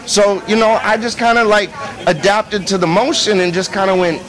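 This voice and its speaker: A man in his forties from California, a guest in a casual interview, telling animated stories and acting out the voices of people in them. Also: high-pitched, moderate pace, low-quality recording. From Santa Barbara, California. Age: 40s. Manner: animated storyteller, acts out voices in anecdotes. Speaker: radio executive, interview guest.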